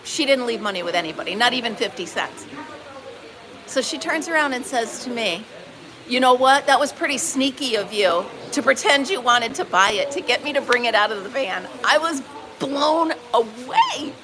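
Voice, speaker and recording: Woman host, high voice, exclaiming, chatting live from a busy market barn full of noisy crowd. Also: fairly quick. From upstate New York. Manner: animated, exclaiming, acts out quoted dialogue. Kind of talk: casual storytelling to live viewers. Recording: busy crowd noise behind.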